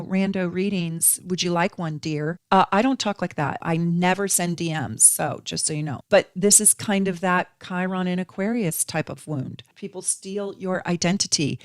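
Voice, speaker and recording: A woman in her sixties talks through an astrology lesson in an earnest, conversational way, often checking in with the listener through rhetorical questions. Her voice sits fairly low and sounds smooth and resonant. The recording is close and dry. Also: no room sound. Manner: earnest, uses rhetorical questions and tag "right?". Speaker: astrology channel host. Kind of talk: conversational teaching talk.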